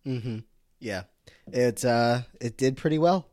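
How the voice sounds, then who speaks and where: A man's voice: medium pitch, slow, a little mellow, no room sound. A man co-hosting a podcast in casual chat, upbeat and hyped like a DJ counting down a list, often restarting his sentences. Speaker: podcast co-host.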